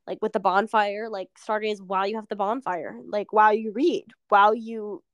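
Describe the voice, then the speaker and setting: A woman's voice: mid-range voice, steady tone, moderate pace, dry recording. A young woman co-hosting a podcast in casual chat, rambling and sarcastic, laughing often. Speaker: podcast co-host.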